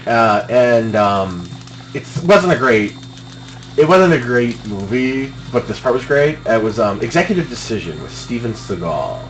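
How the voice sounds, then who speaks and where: A man's voice: mid-range voice, big pitch swings, unhurried, soft background music, rough recording. A young man chatting casually while playing a game, laid-back and rambling. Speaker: speedrun streamer. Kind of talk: casual chat during gameplay. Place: home room at a computer.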